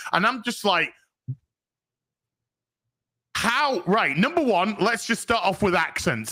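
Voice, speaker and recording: Male co-host, profane ranter, bright edgy tone. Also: high voice. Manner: profane, ranting. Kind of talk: casual podcast chat.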